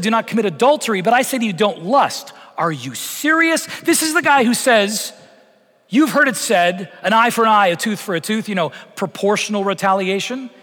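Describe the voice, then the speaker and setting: A male pastor preaching with lively, conversational energy and flashes of humor. His voice sits high for a man and rings out with the long reverb of a church sanctuary. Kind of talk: sermon.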